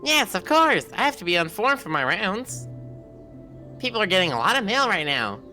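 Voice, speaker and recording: Streamer voicing a chipper mail carrier; bright, lively, faint music. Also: medium pitch, normal speed. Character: cheerful mail carrier on morning rounds.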